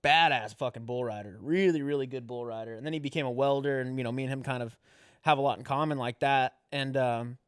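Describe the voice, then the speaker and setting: A man's voice: mid-range voice, fast talker, a bit bright, smooth, dry recording, studio quality. A young man, a comedian hosting a podcast, telling rambling, profane stories and acting out the voices in them. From rural Western US, grew up rodeoing. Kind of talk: casual storytelling chat.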